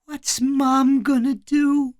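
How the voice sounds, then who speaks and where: A frightened little boy's voice, thin and high and shaking, as a storyteller puts him on. It comes from a slow, spoken horror storybook reading. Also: little pitch movement, darkish tone. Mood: hushed. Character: small terrified bleeding young boy.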